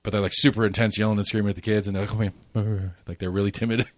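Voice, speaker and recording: A man's voice: lowish voice, little pitch movement, rapid-fire. A man in his forties hosting a casual podcast chat, rambling through stories with restarts and laughs. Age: 40s. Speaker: podcast host.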